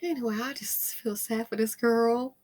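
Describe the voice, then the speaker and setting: A woman hosting her own commentary channel, talking emphatically and with emotion, sometimes sinking into a tired hush. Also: on the high side, fairly even intonation, moderate pace. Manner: emphatic, heated, sometimes drops to a weary hush. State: upset and emotional. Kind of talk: opinionated commentary monologue.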